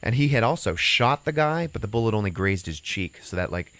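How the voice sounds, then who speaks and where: A deep-voiced man hosting a podcast, recapping a story in a rambling, casual way and slipping into the characters' lines. The recording is dry and close, with no room sound. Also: lively intonation, brisk, fairly bright tone, dry recording. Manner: rambling storyteller acting out quotes. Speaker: podcast host. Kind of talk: casual chat.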